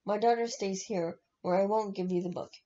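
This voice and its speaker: A woman's voice: medium pitch, fairly even intonation, moderate pace, dark tone, lightly acted. A woman reading aloud as a weary but defiant father, on a dull lo-fi recording.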